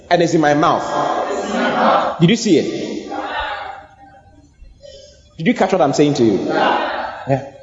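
A man's voice: on the high side, lively intonation, measured pace, long pauses, over a noisy crowd. A man preaching in a reverberant hall, his slightly raised voice bouncing back off the walls. He drives each point home with repetition and has the congregation say the lines back. The sound is somewhat muffled, with faint noise underneath. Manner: emphatic, repetitive call-and-response preaching. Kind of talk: sermon. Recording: echoey hall, muffled audio.

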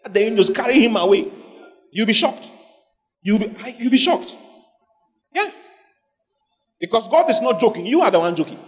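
A man preaching a lively sermon as pastor to a congregation, acting out scenes and questioning listeners directly. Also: high voice, moderate pace, pauses often. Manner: animated preaching, acting out God in a dramatic skit. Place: church hall with congregation.

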